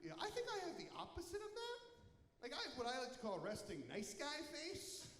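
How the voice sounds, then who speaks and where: Animated young man doing stand-up. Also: very high-pitched, a little fast. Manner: animated, self-mocking, jumps into loud silly voices. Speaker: stand-up comedian. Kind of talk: stand-up comedy set. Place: comedy venue with live audience. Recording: echoey live hall with crowd.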